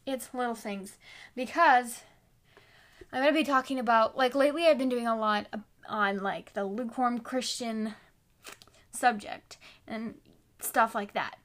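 Sitting on the floor at home and recording on her phone, a woman hosts her own podcast. She rambles chattily with many fillers and plenty of self-deprecation. Her voice is a little high and fairly bright, with fairly even intonation and a slightly slow pace.

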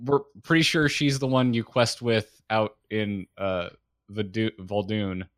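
A man's voice: lowish voice, fairly even intonation, a little slow, a bit bright, no echo. Enthusiastic man on a dry podcast mic. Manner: enthusiastic, filler-heavy, hesitant starts. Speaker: podcast co-host. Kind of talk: casual podcast chat.

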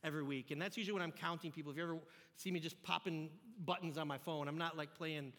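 A man giving a youth sermon, telling a story in an animated, jokey way and acting out the scenes. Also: fairly high pitch, fast, big-room sound. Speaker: youth pastor. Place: church sanctuary.

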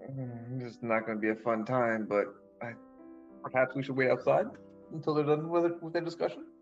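A man's voice: medium pitch, fairly even intonation, a little fast, lo-fi sound, faint music behind. A man playing a character in a tabletop game, talking in a hesitant, easygoing way. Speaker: player. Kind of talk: casual tabletop game play.

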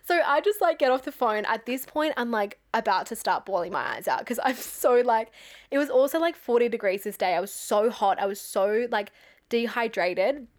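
A woman's voice: a little high, expressive, moderate pace. A young Australian woman in her twenties hosting a podcast, telling a story in a chatty way, swearing freely and laughing often. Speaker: podcast host. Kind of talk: casual storytelling monologue.

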